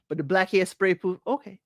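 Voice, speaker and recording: Chatting and laughing often on a casual live recap show, this podcast host reads viewer comments aloud in a mid-range voice. There's no echo in the recording.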